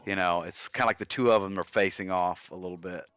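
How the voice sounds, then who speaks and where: A man's voice: low-pitched, fairly even intonation, fast talker, fairly bright tone, clear, resonant tone. A man playing a tabletop game, eagerly and ramblingly describing his character's actions. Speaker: player.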